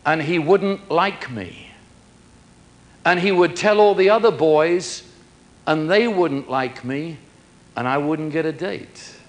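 A man's voice: a little high, slow, pauses often. A man preaching a sermon, acting out little dialogues between people in changing voices.

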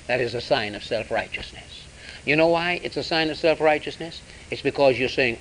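A man preaching a sermon, swinging between loud emphasis and hushed asides. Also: a little high, animated, normal speed, poor audio.

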